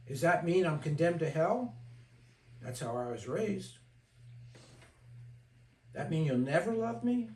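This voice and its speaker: A man's voice: fairly high pitch, lively intonation, slow, pauses often, darkish tone, recorded from a distance. An older man, a therapist leading a group discussion, speaking frankly and telling stories, sometimes mimicking the voices of people he quotes. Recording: echoey room, voice from off-mic.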